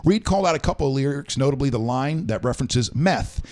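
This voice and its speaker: A man's voice: medium pitch, animated, fast, darkish tone. A man hosting a casual talk show, reading out quotes and rambling with frequent self-corrections. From American South. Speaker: show host. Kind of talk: casual radio show chat.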